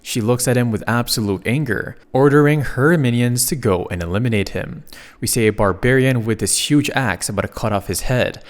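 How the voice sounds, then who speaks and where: A man narrating a comic recap in a casual, jokey tone at a middle pitch. His voice carries a long hall reverb. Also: moderate pace. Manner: casual with joking asides.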